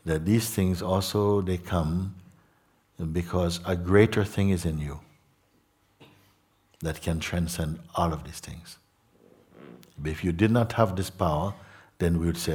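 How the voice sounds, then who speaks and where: Spiritual teacher guy, real low husky voice, slow reflective talk with little "no?" tags. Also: a little mellow. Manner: slow, reflective, tag questions like "no?" and "hmm?". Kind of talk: satsang talk.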